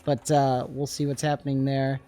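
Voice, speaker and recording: A man hosting a tabletop game livestream from a studio, upbeat and laughing often between quick asides. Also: medium pitch, flat delivery, mellow. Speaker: host. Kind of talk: livestream game intro chat. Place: gaming studio.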